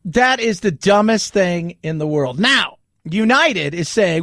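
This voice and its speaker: A man's voice: high voice, animated, slow, a bit bright, no echo. A male talk radio host in his forties giving an indignant, sarcastic rant into a studio microphone. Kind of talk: opinionated talk radio monologue.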